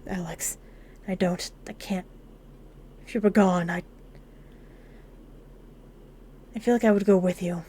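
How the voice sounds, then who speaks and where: A woman voicing a guilt-ridden young man who speaks quietly and remorsefully, pleading through tears. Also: fairly low pitch, steady tone, moderate pace, husky. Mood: despairing. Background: game music.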